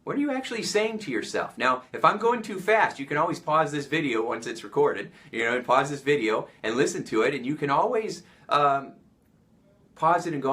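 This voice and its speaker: A man with an American accent giving an energetic motivational talk, coaching listeners with many questions. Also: medium pitch, moderate pace.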